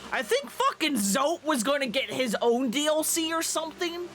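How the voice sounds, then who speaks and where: A woman's voice: high voice, sing-song, normal speed, a bit bright, a little hiss or hum. A woman chatting casually and swearing freely while streaming a video game. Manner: profane, chatty, laughs often. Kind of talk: casual gameplay chat.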